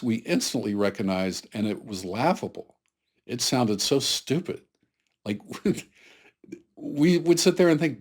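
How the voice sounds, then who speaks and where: A man from the US South talks straight to camera in a solo political commentary vlog. His voice sits a bit low, and he speaks in an earnest, conversational way, pleading with his viewers as he makes his case. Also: a little mellow. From Atlanta, Georgia, US South. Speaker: political commentary channel host.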